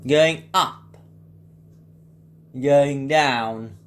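A flat, measured automated lift announcer, as a man imitates it. Each announcement is drawn out very slowly, with a level, mechanical delivery. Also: mid-range voice. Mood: flat announcing.

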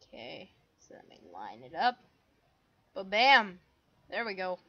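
A woman's voice: fairly low pitch, very animated, normal speed, breathy edge, dull audio. A woman giving casual, goofy commentary while playing a game, full of silly sound effects. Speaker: gamer.

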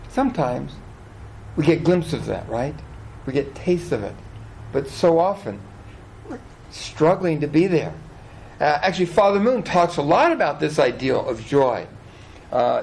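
A man preaching a sermon as pastor of a church, animated, often asking the congregation questions. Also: on the high side, slight background noise, rough recording. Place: church hall.

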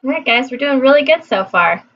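A woman's voice: high voice, animated, fairly quick, fairly bright tone, soft background music. A woman vlogging her language practice in casual chat, repeating phrases aloud to her viewers. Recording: dull lo-fi recording.

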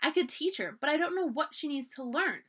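Lady reading spunky determined little girl, bright high voice, bouncy. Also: expressive, a little fast. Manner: eager, firm and determined. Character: earnest, spirited young girl, Edwardian era.

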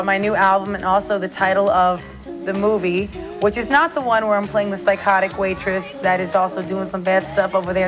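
A woman chatting as a talk show guest over a remote link. She is giggly and self-deprecating, with a voice of middling pitch for a woman. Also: rough recording. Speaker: celebrity guest. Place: remote link from New York.

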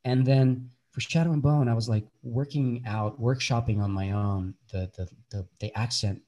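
A man's voice: mid-range voice, fairly even intonation, normal speed, dark tone. A man in his thirties, an actor from Bulgaria, talking earnestly as an interview guest with many restarts. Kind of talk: casual interview chat.

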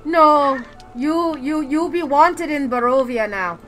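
A woman's voice: sits high, takes it slowly, a bit bright, soft background music. A woman streamer chatting while gaming, joking in mock pirate speech with a lot of swearing. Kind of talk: casual gaming chat.

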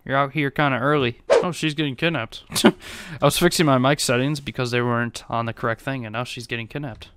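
A young man giving excitable gameplay commentary as a YouTuber, laughing often. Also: mid-range voice, fairly quick, a little hiss or hum. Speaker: gaming YouTuber. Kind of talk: gameplay commentary and role-play.

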